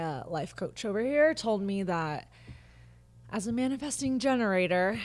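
A low-leaning woman's voice with vocal fry belongs to a twenties-aged podcast host sitting on her living room couch. She rants candidly and chats casually on her own, using many fillers.

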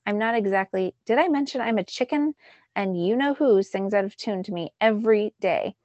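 A woman's voice: mid-range voice, normal speed, darkish tone, no echo, natural voice. A woman doing a snippy talking chicken, female. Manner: snippy and impatient.

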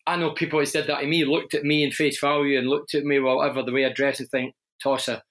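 A middle-aged Glaswegian man with a broad accent, speaking candidly in a relaxed interview. His voice sits a little high for a man, and he tells his stories with many restarts and asides. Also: fast. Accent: Glaswegian Scottish. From Scotland. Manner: candid, storytelling, frequent restarts. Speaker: interview guest, former footballer and radio presenter. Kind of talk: conversational interview.

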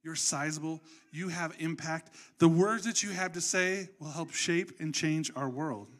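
Man, pastor, sermon, lively conversational delivery, slightly high voice. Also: measured pace. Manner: animated, conversational storytelling.

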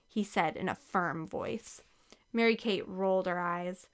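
A woman narrating a children's book with a lively, expressive reading. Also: medium pitch, measured pace. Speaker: audiobook narrator. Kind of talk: scripted narration.

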